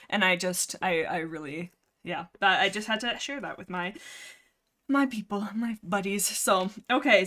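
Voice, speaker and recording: A woman hosting a casual book discussion livestream, rambling excitably into a headset mic and packing her talk with fillers. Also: on the low side. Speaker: livestream host.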